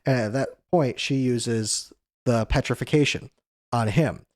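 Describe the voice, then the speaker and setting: A man hosting a show about a comic series, retelling a chapter in a loose, conversational way with many "you know" fillers and quick stabs at the characters' lines. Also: medium pitch, dry recording, studio quality. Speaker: manga discussion show host. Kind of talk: casual chapter recap.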